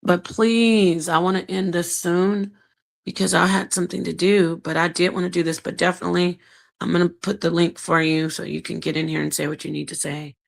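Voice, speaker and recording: A woman with a somewhat low voice hosts a casual livestream. She talks in an emphatic, scolding way. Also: steady tone, moderate pace, creaky, no room sound. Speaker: livestream host.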